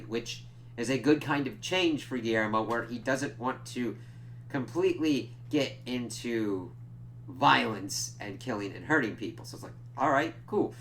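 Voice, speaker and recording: A man's voice: medium pitch, a bit bright, a little hiss or hum. A young man casually recapping a TV episode for a spoiler review, rambling and swearing often, with lots of filler "like"s. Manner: rambling, profane retelling full of "like".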